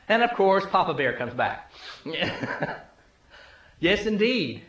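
High-voiced preacher in an echoey church. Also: male voice, takes it slowly, pauses often. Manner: conversational, animated storytelling preacher, drops low and soft for emphasis. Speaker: pastor. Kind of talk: sermon with storytelling. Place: church sanctuary.

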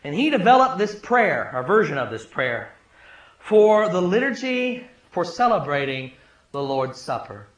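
A male pastor preaching a sermon, telling a story conversationally and dropping low and soft for emphasis. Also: very animated, measured pace. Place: church sanctuary. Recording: echoey church room.

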